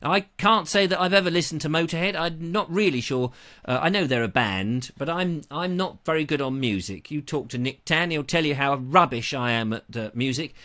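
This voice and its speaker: A man's voice: on the high side, animated, moderate pace, bright, forceful tone. A man hosting a live online show on a lapel mic, chatting in a jokey, rambling, self-deprecating way. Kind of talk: casual rambling live-stream chat.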